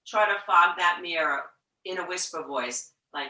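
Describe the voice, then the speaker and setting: A woman teaching a yoga class, talking slowly and gently, sometimes dropping to a whisper to show the breath. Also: on the low side, far from the mic. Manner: slow, gentle guiding with soft whispered breath demos. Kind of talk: guided yoga instruction. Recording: echoey room, voice from off-mic.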